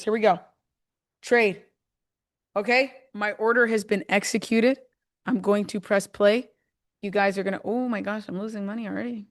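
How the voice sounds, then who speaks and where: Excitable woman hosting a live trading demo. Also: mid-range voice. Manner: chatty and excitable, talks herself through each step. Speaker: host.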